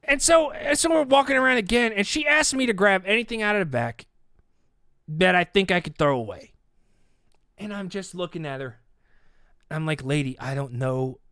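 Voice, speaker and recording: A man hosting a podcast, telling a comic story with animated delivery and acted-out voices. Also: high-pitched, moderate pace, long pauses, dry recording, studio quality. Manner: animated, acts out quoted voices. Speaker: podcast host. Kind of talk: comedic storytelling.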